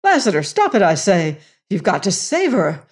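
A woman's voice: medium pitch, animated, a little slow, a little mellow, voice pushed up, close to an everyday voice. A woman reading aloud and voicing a desperate young male rider, pleading and agitated with a raised voice. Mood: furious.

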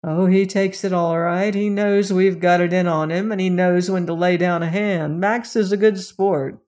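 A gruff plainclothes cop in a storybook, talking in blunt, slangy, unhurried phrases, as a reader puts him on. He sounds indifferent and sure of himself, never rushing. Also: medium pitch, steady tone, a little mellow, lightly acted. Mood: blunt, offhand.

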